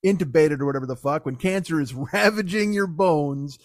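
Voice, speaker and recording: A man with a fairly high voice riffs through a comedic podcast monologue. He rambles, swears freely and stays animated. The sound is close and dry, with no room in it. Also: a little fast, dry recording. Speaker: podcast host.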